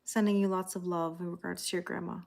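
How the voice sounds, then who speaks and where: A woman's voice: lowish voice, level tone, quick pace, creaky, darkish tone. A woman, a tarot reader chatting casually on a live stream, laughing often and reading viewer comments aloud. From Canada.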